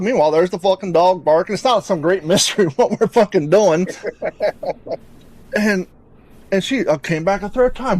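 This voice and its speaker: A man hosting a podcast, telling a rambling, profane story in an animated, casual way. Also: high voice, a little fast, no room sound. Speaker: podcast host.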